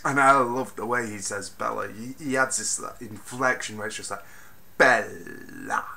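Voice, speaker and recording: Reviewing a film in an offhand spoken style, a medium-pitched man gets animated and exasperated, lurching between muttering and sudden loud outbursts while cursing freely.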